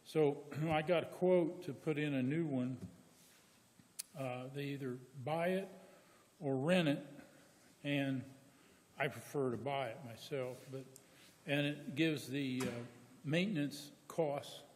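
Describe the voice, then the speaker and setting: A man giving a relaxed, casual report to county commissioners, laughing easily. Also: a little high, takes it slowly, long reverb tail. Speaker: county department head. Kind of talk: casual report at a public meeting. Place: county meeting room.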